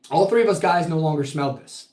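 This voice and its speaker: A man's voice: on the high side, darkish tone. Profane man telling a story, echoey room. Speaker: podcast guest telling a ghost story. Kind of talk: casual storytelling.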